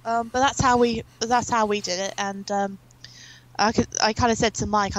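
A woman's voice: mid-range voice, flat delivery, normal speed, low-quality recording. A young woman from England, an interview guest, telling long stories in a rambling, chatty way with many fillers. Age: young adult. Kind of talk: casual chat.

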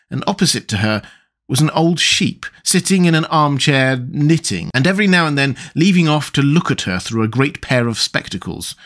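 Lively-pitched male audiobook narrator. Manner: expressive, measured storytelling.

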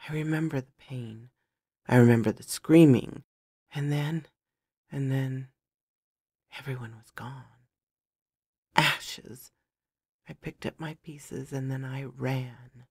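A woman's voice: rumbling low, fairly even intonation, takes it slowly, long pauses, husky, no echo, clean studio sound, heavily acted. A woman voicing a remorseful young magician. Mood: haunted. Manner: soft, apologetic, emotional. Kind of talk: storybook reading of a fantasy romance.

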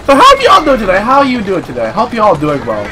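A young man giving excitable let's-play commentary, swearing, laughing and yelling apologies over game audio. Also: sits high, fast talker, noisy background. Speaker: gaming channel host.

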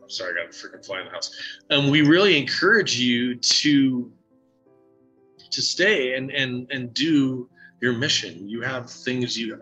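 Bright-voiced man telling a halting story. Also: mid-range voice, highs cut off, faint music behind. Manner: halting, many fillers and restarts, emotional. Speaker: psychic medium guest. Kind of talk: casual interview storytelling.

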